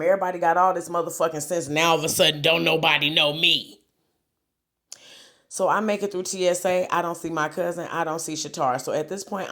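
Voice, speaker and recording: A young woman, telling a brash, profane storytime rant as a comedian vlogger. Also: low voice.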